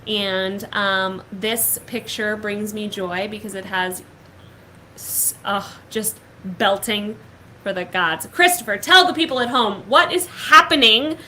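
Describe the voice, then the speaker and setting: Bright-voiced gushing young woman host. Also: mid-range voice, slow, slight background noise, poor audio. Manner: gushing, upbeat, many "like" fillers. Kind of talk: casual chat.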